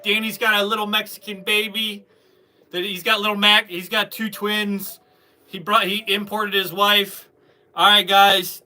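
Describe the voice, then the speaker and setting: A man with a notably high, piercing voice hosts a toy shop livestream. He talks at a slow, easygoing pace, ribbing viewers about their comments and breaking into laughter often. The tone is loose, casual chat. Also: bright, forceful tone.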